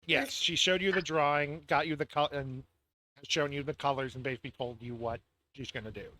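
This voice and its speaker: A man's voice: fairly high pitch, steady tone, a little fast, bright, forceful tone. A man narrating as game master, rambling and full of fillers.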